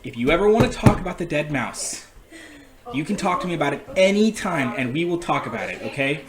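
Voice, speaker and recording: A young man, a father, telling a lively anecdote in a casual chat and acting out his small son's questions. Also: fairly high pitch, brisk. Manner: animated anecdote-telling, acts out a child's questions. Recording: roomy sound with crowd chatter.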